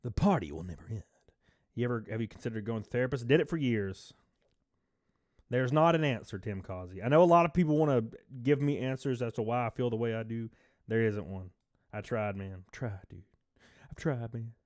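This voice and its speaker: A man live streaming, chatting casually, swearing, laughing often and reading chat aloud in a low-key mood. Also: a little fast, no room sound, clean studio sound.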